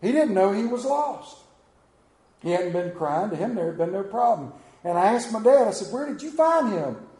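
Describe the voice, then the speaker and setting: Pastor, man, high-pitched and mellow, preaches with swelling emphasis; roomy church sound. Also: very animated, normal speed. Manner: storytelling preacher, rising and falling emphasis. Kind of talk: sermon.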